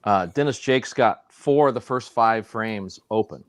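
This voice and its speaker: Male host, lowish voice, dry close mic, easygoing storyteller. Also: unhurried, dry recording. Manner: relaxed, reminiscing anecdote teller. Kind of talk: casual podcast chat.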